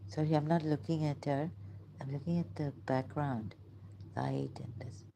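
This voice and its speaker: Hushed, halting woman, low and gravelly. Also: fairly even intonation, slight background noise. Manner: halting, hushed, often breaks into whispers. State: emotional, overwhelmed. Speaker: vlogger. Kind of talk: unscripted spoken reflection.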